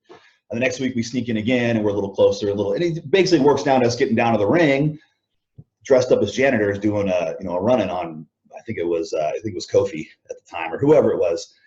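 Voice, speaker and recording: A man being interviewed as a guest, telling backstage stories in a casual way, acting out what others said and chuckling often. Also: lowish voice. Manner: animated anecdotes, acts out quoted lines, chuckles often. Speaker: interview guest, former wrestler. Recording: dull lo-fi audio.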